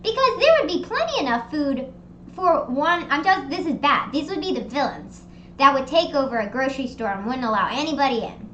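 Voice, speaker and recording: Bright, high-voiced young woman rambling on stream. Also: a little fast, roomy sound, lo-fi sound, slight background noise. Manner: animated, rambling storytelling with frequent fillers. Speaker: streamer hosting a live hangout. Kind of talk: casual livestream chat. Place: her home. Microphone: streaming desk mic.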